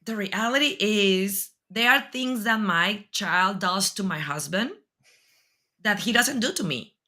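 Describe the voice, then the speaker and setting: Bright-voiced woman host, native Spanish speaker. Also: medium pitch, expressive, measured pace. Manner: earnest, thinks aloud with fillers. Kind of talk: interview talk.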